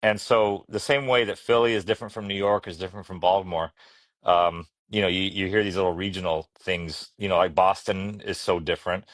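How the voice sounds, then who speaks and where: A man in his fifties from Arkansas, talking in a relaxed, rambling way as a podcast guest, often restarting his sentences. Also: low-pitched, a little fast, no echo. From Arkansas, USA. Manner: rambling, reflective, many restarts. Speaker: guest, children's book author. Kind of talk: casual podcast conversation.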